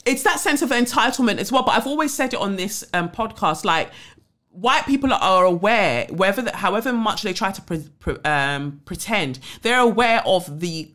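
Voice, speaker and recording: Give me a blunt, animated woman hosting a podcast chat. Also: medium pitch, normal speed. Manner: blunt, animated, swears freely. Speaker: podcast host. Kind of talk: casual chat.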